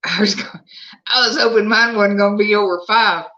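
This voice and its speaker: This Southern-accented livestream host has a medium-pitched voice with fairly even intonation, speaking fairly quickly in a bright, forceful tone. The slightly dull lo-fi recording captures casual chat at home as the host answers viewer comments aloud.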